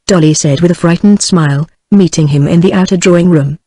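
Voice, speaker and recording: A text-to-speech female voice with a British English accent, reading a novel aloud in an even, steady delivery. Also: on the low side, fairly quick, few pauses, dry recording, low-quality recording. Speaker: audiobook narrator. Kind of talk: synthetic audiobook narration.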